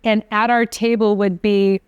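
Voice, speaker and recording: Woman chef, podcast co-host, chatty rambling storyteller, smooth crisp voice, dry close mic. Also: medium pitch, a little slow, dry recording, lo-fi sound. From from an Italian American family. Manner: chatty, animated storyteller, trails off mid-sentence. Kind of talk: casual chat.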